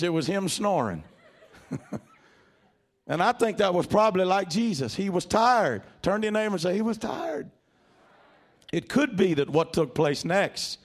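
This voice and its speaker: A male preacher delivering a dramatic storytelling sermon, asking the congregation to repeat phrases. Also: medium pitch. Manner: dramatic, animated, calls for congregation responses.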